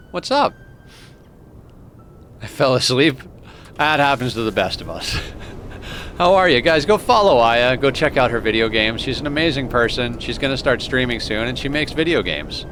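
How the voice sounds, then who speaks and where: A man's voice: mid-range voice, animated, normal speed, a bit bright, a little hiss or hum. A man streaming a video game, chatting casually and greeting his viewers by name. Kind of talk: casual gameplay commentary.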